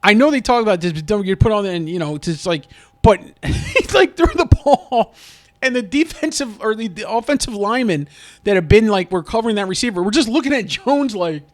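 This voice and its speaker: A man's voice: sits high, lively intonation, fast talker. A man venting in a casual sports vlog, rambling and frustrated, with many restarts. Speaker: sports fan vlogger.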